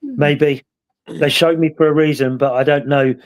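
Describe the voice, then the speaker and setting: A man's voice: a little high, fairly even intonation, moderate pace. A man with a British accent, hosting a casual chat and telling stories in a rambling, reflective way. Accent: British English. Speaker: host.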